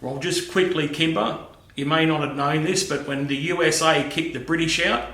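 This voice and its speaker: A man's voice: fairly high pitch, steady tone, normal speed, bright, forceful tone, reverberant. A middle-aged Australian man chatting casually to camera in his home workshop, friendly and matey, calling people "mate". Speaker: machining YouTuber.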